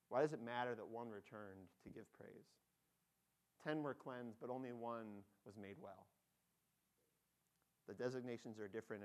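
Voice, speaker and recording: A man delivers an earnest sermon at an ordinary middle pitch. He tells the story with energy, brightening into lively character voices, then sinks soft and low to drive the key lines home. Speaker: pastor.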